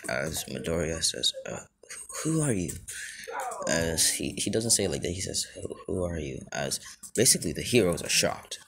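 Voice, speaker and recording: Low-voiced young man rambling through a fan story. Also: background noise. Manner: rambling, full of fillers and self-corrections. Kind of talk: casual improvised fan-fiction narration.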